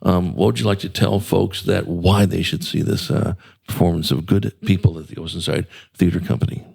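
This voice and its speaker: Rambling jovial male host with a deep gravelly voice. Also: fairly even intonation, brisk, darkish tone. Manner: rambling, filler-heavy, jovial. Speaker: radio show host. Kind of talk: casual interview chat.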